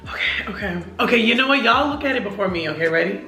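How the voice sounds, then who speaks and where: A woman's voice: mid-range voice, expressive, fast talker, sharp tone, echoey room, faint music behind. A young woman vlogging an unboxing, gushing and slangy, talking straight to her viewers. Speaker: beauty vlogger. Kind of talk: excited unboxing vlog.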